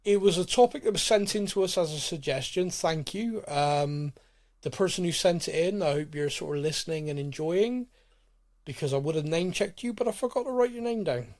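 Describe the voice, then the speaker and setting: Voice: medium pitch, fairly quick, a little mellow. A podcast host in casual, laughing, self-mocking chat.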